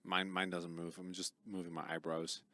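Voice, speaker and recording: A man's voice: sits low, level tone, moderate pace, sharp tone, no echo, studio quality. A male esports co-caster bantering in a teasing, goofy way. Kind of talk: casual broadcast banter.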